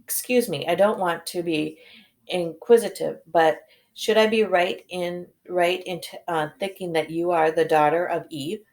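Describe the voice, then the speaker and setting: A woman's voice: on the low side, fairly even intonation, measured pace, darkish tone. A woman voicing a polite, nervous male faun who speaks in a formal, courteous way.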